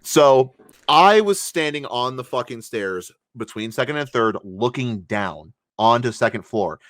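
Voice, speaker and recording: A man's voice: medium pitch, lively intonation, a little slow, a bit bright, no room sound. A man co-hosting a podcast, telling a gaming story in casual chat, heated and full of swearing. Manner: heated, profane ranting retelling. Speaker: podcast co-host.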